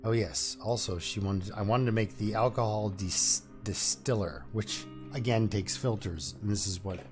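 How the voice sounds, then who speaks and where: A man's voice: on the low side, moderate pace, music in the background. A man giving casual let's-play commentary, thinking aloud with fillers and restarts as he plays. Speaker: gameplay commentator.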